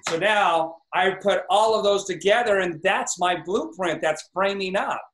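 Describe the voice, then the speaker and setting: A man's voice: high-pitched, measured pace, fairly bright tone, echoey room, slight background noise, low-quality recording. A man coaching a group on a video call, talking with lots of energy and bursting into exclamatory affirmations. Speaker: network marketing coach.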